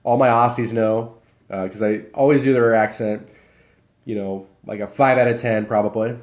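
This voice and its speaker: Young US male streamer, slightly low voice, loose casual delivery, talking with his mouth half full. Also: normal speed. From Iowa, US. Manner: relaxed, rambling, talks while eating. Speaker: live streamer. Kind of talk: casual chat reading viewer comments.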